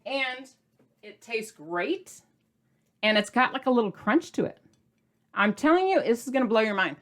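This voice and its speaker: A woman's voice: on the high side, lively intonation, normal speed, a bit bright. Bubbly middle-aged woman cooking host. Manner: bubbly, gushing, chatty; talks while eating. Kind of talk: casual cooking demo chat.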